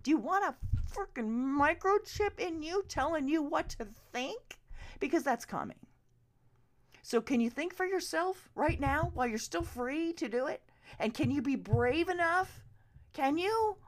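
A woman ranting straight to her viewers, profane and urgent, now and then dropping to a hushed whisper. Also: high-pitched, expressive, unhurried. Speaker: vlogger. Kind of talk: impassioned direct-to-camera rant.

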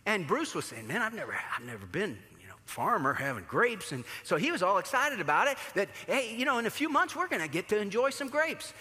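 A man's voice: high voice, brisk, hardly any pauses. A man preaching a sermon as pastor, telling stories and acting out the voices in them. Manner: animated, acts out voices in his stories. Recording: long hall reverb.

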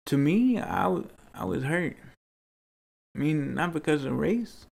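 A man speaks in an interview, earnest and rambling, sometimes pleading. His voice sits a little high and carries a gravelly fry. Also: animated, unhurried, darkish tone. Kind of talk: personal storytelling interview.

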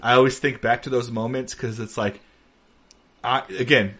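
A man's voice: mid-range voice, moderate pace. Laid-back man telling stories. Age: 30s. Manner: animated storyteller, laughs through punchlines. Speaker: podcast co-host. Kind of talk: casual chat, storytelling.

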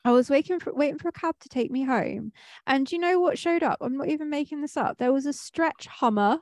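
Woman, from Manchester, casual podcast chat, lots of fillers, gravelly, dry sound. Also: high-pitched, brisk, darkish tone, dry recording. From Manchester, England. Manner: chatty, rambling with many fillers and restarts. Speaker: podcast co-host.

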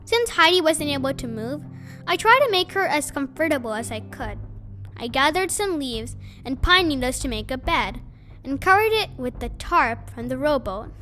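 A woman reading a children's novel aloud, telling the story in a gentle, unhurried way. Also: high-pitched, expressive, faint music behind.

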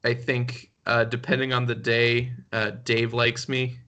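Bright-voiced man, rambling podcast chat. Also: medium pitch, completely flat delivery, a little slow, smooth. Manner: rambling, laughs often, self-deprecating. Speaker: podcast co-host. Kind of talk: casual chat.

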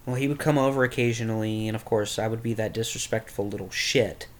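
A man's voice: fairly low pitch, fairly even intonation, quick pace, slight background noise. A young man candidly telling a personal story, rambling and swearing, as a podcast host. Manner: candid, rambling, with crude language.

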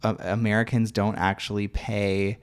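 A man with a somewhat low voice chats casually on a podcast. He recaps a TV segment with an animated, conversational manner. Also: moderate pace, clean tone. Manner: chatty, animated retelling with quoted voices. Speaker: podcast co-host. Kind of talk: casual chat recapping a talk show.

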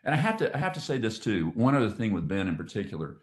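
A man, a podcast guest, earnestly and emotionally telling a faith testimony, often halting and restarting his sentences. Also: fairly low pitch, sing-song. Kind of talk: heartfelt testimony storytelling. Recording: echoey room.

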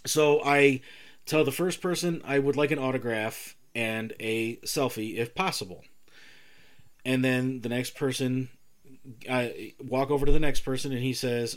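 A man's voice: mid-range voice, a little slow. A man co-hosting a podcast, telling a story in casual chat and acting out the people in it. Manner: animated storyteller, acts out quoted exchanges. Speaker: podcast co-host.

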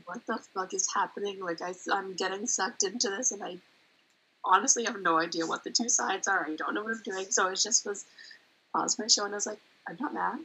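A woman's voice: mid-range voice, a little fast, pushed and bright, husky, low-quality recording. A young woman guest in a casual chat, telling stories candidly and swearing casually. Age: young adult.

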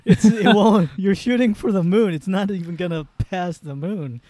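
A man's voice: high-pitched, moderate pace, warm tone. A man co-hosting a casual podcast who teases his partner, laughs often and gives short replies. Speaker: podcast co-host. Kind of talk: casual chat.

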